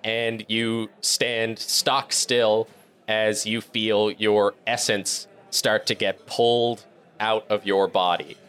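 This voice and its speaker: A man running a tabletop game as game master, narrating in a relaxed, rambling way with fillers. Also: lowish voice, slow, clear, resonant tone.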